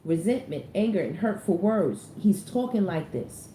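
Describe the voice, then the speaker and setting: A woman gives a casual, slangy tarot reading, hammering her points home by repeating them. Her voice is mellow and warm. The recording has a roomy echo, with a faint hum underneath. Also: fairly low pitch, very animated, moderate pace. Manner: chatty, slangy, repeats phrases for emphasis. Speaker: tarot reader.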